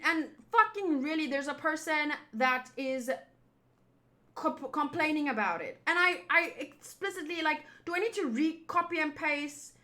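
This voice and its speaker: High, bright-voiced woman venting. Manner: frustrated, swearing, rambling. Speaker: streamer and host. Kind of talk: casual venting to viewers.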